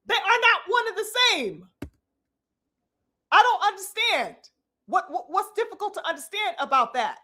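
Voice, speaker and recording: A woman's voice: very high voice, big pitch swings, normal speed, pauses often, pushed and bright. A woman giving impassioned live commentary, preachy and emphatic, swearing freely and addressing her listeners as brothers and sisters. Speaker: commentary host.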